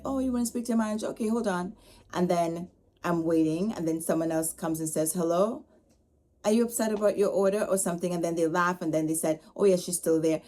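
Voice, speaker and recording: Mellow-voiced woman telling a story. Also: lowish voice. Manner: animated, retells her upset with quoted dialogue. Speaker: podcast host. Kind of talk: casual storytelling.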